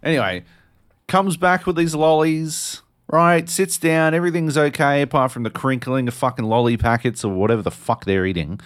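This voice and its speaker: A man, co-hosting a podcast and telling a story in an animated, swearing way. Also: medium pitch, moderate pace. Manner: animated, swears a lot, acts out voices. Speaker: podcast co-host. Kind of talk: casual storytelling chat.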